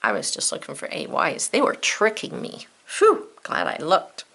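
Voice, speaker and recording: A woman's voice: sits low, huge pitch swings, moderate pace, gravelly, a bit bright, slightly rough. A woman teaching a spelling lesson to children, spelling words out letter by letter and thinking aloud in an encouraging way. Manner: thinks aloud, talks to herself.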